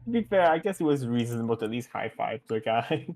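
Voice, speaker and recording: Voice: mid-range voice, lively intonation, fast, a little mellow, a little hiss or hum. A guest making playful, joking asides during a casual read-through. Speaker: guest co-reader. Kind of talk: casual chat.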